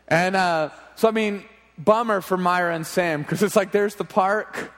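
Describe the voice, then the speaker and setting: Male youth pastor, 30s, lively anecdote in a reverberant hall. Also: high-pitched, unhurried. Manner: animated, laughing anecdote telling. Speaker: junior high pastor. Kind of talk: storytelling sermon.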